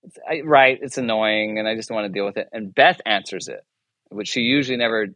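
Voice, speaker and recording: A military chaplain appearing as a guest in a casual interview tells a personal story in a fairly low, slightly bright voice, speaking briskly with no room sound. He rambles, interrupts himself, chuckles often, and acts out the dialogue in his anecdotes.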